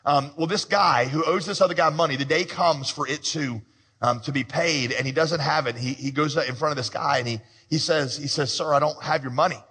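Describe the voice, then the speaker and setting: A male pastor delivers his sermon in a conversational storytelling manner and tosses in humorous asides. His voice is bright and a bit husky. A long reverb from a large hall trails each phrase. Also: a little high, moderate pace.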